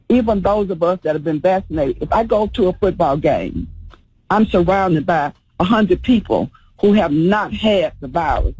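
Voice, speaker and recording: A woman's voice: lowish voice, mellow, slightly rough, rough recording. A woman who owns a funeral home, speaking as a guest on a radio interview. She talks earnestly and with emphasis, often in short repeated phrases.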